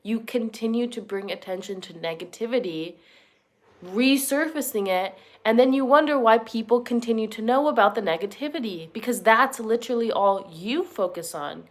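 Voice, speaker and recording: A woman's voice: on the high side, expressive, normal speed. A young woman hosting a reaction channel, giving blunt, sarcastic and profane casual commentary. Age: young adult.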